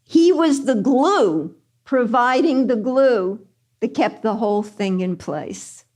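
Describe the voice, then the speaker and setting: An older woman spiritual teacher speaks at an unhurried, deliberate pace, with a slightly raised pitch. She tells a teaching story gently and earnestly and repeats key phrases for emphasis. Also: expressive.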